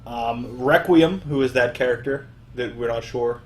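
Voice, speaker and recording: A man's voice: medium pitch, measured pace. A young man hosting a podcast in casual chat, recapping at length with many fillers. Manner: rambling recap full of fillers. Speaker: podcast host.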